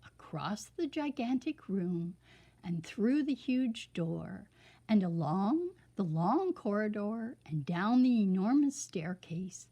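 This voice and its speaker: A woman reading a children's storybook aloud in a slow, expressive way. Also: mid-range voice. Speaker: reader of a children's book.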